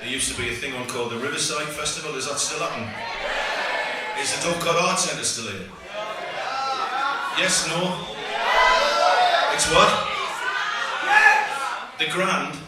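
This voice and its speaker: A man's voice: on the high side, a little slow, long pauses, heavy background noise. A middle-aged man, joking and swearing with the crowd between songs at a live gig. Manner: jokey, sweary, chatting with the crowd. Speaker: singer-guitarist on stage. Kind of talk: stage banter between songs. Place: theatre stage, live gig. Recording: echoey live venue, heard from far off.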